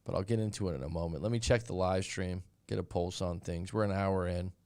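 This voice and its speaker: A man's voice: low voice, a little fast, darkish tone, clear, resonant tone. A middle-aged man hosting a live stream as a dating and breakup coach, talking casually and bluntly and acting out little quotes as he tells stories. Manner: candid, blunt, storytelling with quoted voices.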